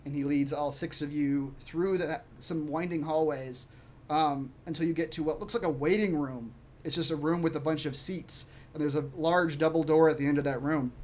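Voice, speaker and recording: A man runs a tabletop game as game master, narrating in a relaxed way with plenty of fillers. His voice sits a little higher than most men's. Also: moderate pace, a little hiss or hum. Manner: relaxed, with frequent fillers and laughs.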